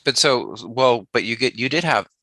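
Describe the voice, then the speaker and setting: A male podcast host with a gravelly, bright, somewhat tense voice. He drops in quick interjections and jokes during a casual interview, and his voice sounds dry and close to the mic. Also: mid-range voice, expressive, dry recording. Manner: quick interjections and joking asides.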